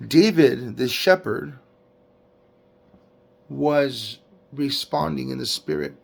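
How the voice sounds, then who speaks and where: A man giving a casual devotional Bible recap, preaching with lively slang and acting out quotes. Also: mid-range voice, slow pace, vocal fry. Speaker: Bible teacher.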